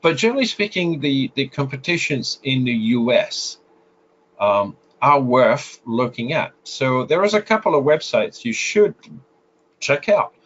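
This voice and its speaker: A man's voice: mid-range voice, sing-song, unhurried, a bit bright. A man with a French accent, a guest photographer giving advice in an interview, explaining with frequent filler sounds and restarts. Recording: slightly muffled lo-fi audio.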